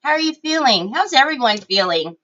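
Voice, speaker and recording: A middle-aged woman from Northern California hosting a craft livestream from her home desk, chatting slowly with viewers and greeting them by name, her voice squeaky and hoarse from a cold and interrupted by frequent throat clearing. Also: big pitch swings, pushed and bright, highs cut off.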